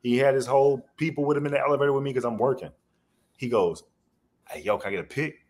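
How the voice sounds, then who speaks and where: A man's voice: medium pitch, fast talker, a little mellow. A man guest on a podcast, telling rambling stories in a loose, slangy way. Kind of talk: casual storytelling interview.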